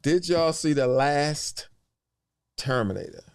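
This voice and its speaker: A man's voice: on the high side, very animated, takes it slowly, gravelly, no echo, clean studio sound. A man, hosting casual chat in a joking way. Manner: joking, laughs often.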